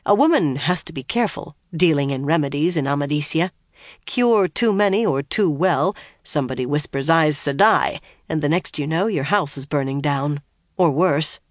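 An audiobook narrator reading a fantasy novel in an even, steady way. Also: mid-range voice, dry recording, studio quality.

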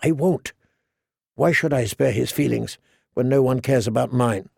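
A man's voice: mid-range voice, normal speed, vocal fry, a little mellow, husky, dry recording, clean studio sound. A man reading the lines of a stubborn young noble bride in his own voice in an audiobook. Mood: tight.

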